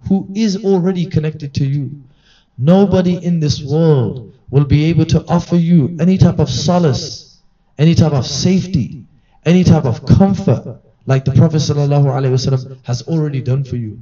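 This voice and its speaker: Male religious teacher, earnest conversational sermon, mellow higher voice, miked from afar with muffled sound. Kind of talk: sermon-style reminder at a gathering. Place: gathering hall. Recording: distant mic, dull lo-fi sound.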